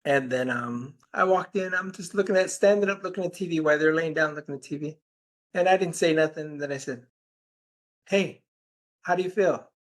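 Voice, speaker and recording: Chatty man telling a story, higher voice. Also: fairly quick. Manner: rambling anecdotes, quoting conversations with "I'm like". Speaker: healer and podcast guest. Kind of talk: casual storytelling in an interview.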